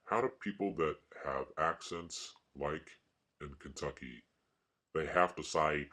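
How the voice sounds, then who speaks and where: A man's voice: extremely low pitch, measured pace, sharp tone. A man vlogging and rambling casually in a wry, mock-grumpy way. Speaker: art vlogger.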